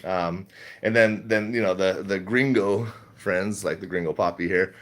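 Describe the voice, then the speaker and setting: A man's voice: low voice, a little slow. A middle-aged man chatting casually on a livestream, reading chat, rambling and laughing often.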